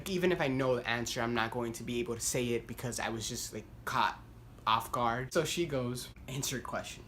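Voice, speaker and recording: Young dude vlogging, rambly storytelling, says like constantly, gets worked up. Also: male voice, medium pitch, normal speed, a little hiss or hum. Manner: rambling, heavy use of "like", self-deprecating; animated, voice climbs when worked up. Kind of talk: casual storytelling to camera.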